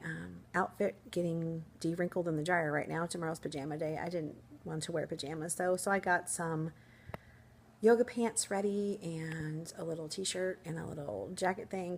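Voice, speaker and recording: A woman's voice: lowish voice, a little hiss or hum. A woman teacher talking casually to her viewers from home in an upbeat, chatty way, laughing easily. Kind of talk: casual vlog chat.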